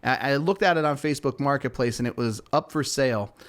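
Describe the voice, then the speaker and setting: A man hosting a real estate show tells a personal story in an easygoing, unscripted way. His voice sits at an ordinary pitch. He rambles and repeats words as he restarts, and pokes gentle fun at himself. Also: brisk. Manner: rambling, with frequent restarts and fillers; chatty, self-deprecating. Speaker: real estate broker, podcast host. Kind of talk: casual storytelling monologue.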